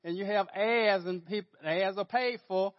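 A man's voice: high voice, a little slow. A male pastor preaching a sermon in a conversational way, often repeating words and restarting sentences. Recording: dull lo-fi sermon audio.

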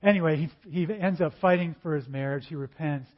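A man preaching a sermon, conversational and animated, acting out little dialogues in different voices. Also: a little high, fairly quick. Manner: acts out dialogues in varied voices. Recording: dull lo-fi recording.

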